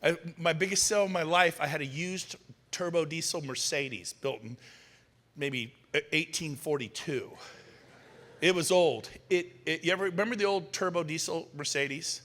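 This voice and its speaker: A middle-aged man with a bright, forceful voice, pitched a little high for a man, speaking on stage in a big hall. He tells punchy stories and throws quick questions at the crowd, and his voice carries a long reverb off the room. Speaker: motivational speaker. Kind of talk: energetic stage talk to an audience. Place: large hall.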